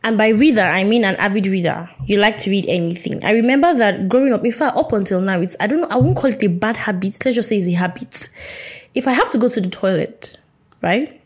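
This young podcast host speaks quickly in a mid-range voice. Chatting casually on her own, she's playful and acts out little conversations.

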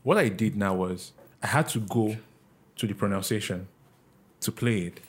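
An animated man from Nigeria co-hosting a podcast in casual conversation. His voice is mid-pitched. He builds his points by repeating and restarting words. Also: moderate pace. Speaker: podcast co-host. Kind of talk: casual chat.

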